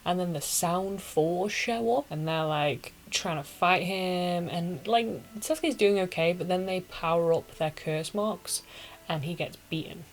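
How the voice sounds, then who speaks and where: A woman's voice: on the low side, measured pace, a little hiss or hum, low-quality recording. A young woman hosting a casual anime recap, talking in a chatty, slangy, opinionated way.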